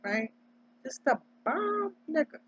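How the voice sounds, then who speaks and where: A woman's voice: high voice, big pitch swings, takes it slowly, a bit bright. A woman from Delaware giving an emphatic, preachy casual monologue, tagging her points with "right?". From Delaware, United States. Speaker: vlogger. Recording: dull lo-fi audio.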